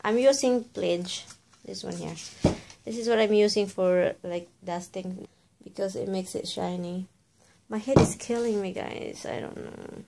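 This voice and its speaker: A woman's voice: mid-range voice, measured pace, vocal fry, very noisy. A woman from the Philippines, chatting casually in a rambling, self-correcting way as she vlogs at home. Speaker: vlogger. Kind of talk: casual chat. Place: at home, indoors.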